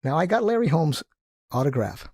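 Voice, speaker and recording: Man in his sixties, gravelly voice, husky, animated storytelling, dry close sound. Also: fairly high pitch, normal speed, no room sound. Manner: animated, enthusiastic storyteller, acting out quotes. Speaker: guest. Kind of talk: casual storytelling interview.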